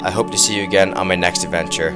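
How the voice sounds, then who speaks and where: A man's voice: low-pitched, steady tone, very fast. A young man giving a plain, reflective voice-over narration for his travel vlog. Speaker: travel vlogger. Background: background music.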